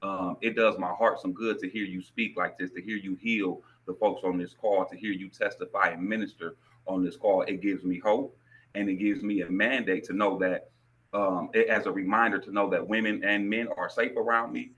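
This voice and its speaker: A man's voice: deep voice, steady tone, moderate pace, a bit bright, highs cut off. A man in his thirties joining a video call to give a heartfelt tribute, earnest and repeating himself. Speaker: call participant.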